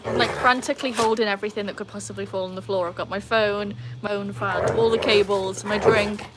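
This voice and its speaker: A woman's voice: mid-range voice, steady tone, brisk, noisy background. Chatty woman live-streaming on her phone. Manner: chatty, laughs often, greets viewers by name. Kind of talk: casual live-stream chat. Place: outdoors by a pool with dogs. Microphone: handheld phone.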